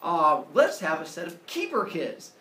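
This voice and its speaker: A man's voice: a little high, huge pitch swings, a little slow, pushed and bright, exaggerated voice. Man doing a sweet, doting earth goddess. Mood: coaxing. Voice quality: raised, sing-song voice. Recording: roomy, distant mic, faint noise.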